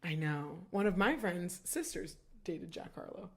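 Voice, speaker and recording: A woman's voice: fairly low pitch, expressive, measured pace, breathy edge. A young woman co-hosting a podcast, talking casually and filling her speech with "like" and "um". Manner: chatty, fills speech with "like" and "um". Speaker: podcast co-host. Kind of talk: casual chat.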